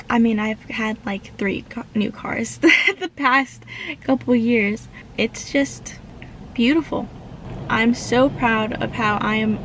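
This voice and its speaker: A woman's voice: a little high, slight background noise, low-quality recording. A young woman from the United States talking earnestly and heartfelt in a reflective personal vlog. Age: young adult. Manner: earnest and heartfelt, slow with pauses. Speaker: vlogger.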